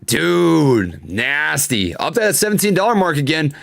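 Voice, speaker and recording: A young man with a fairly high, creaky, slightly bright voice speaks expressively and unhurriedly on his live stock-trading stream. He casually discusses charts, reads chat aloud, and vents frustration, cursing before laughing it off.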